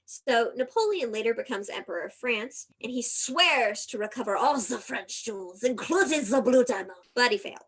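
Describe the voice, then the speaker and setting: Chatty lady podcaster, kinda high voice, goofy asides while she tells the story. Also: animated, moderate pace, hardly any pauses, husky. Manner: chatty, giggly, playful asides. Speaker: podcast co-host. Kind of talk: casual storytelling chat.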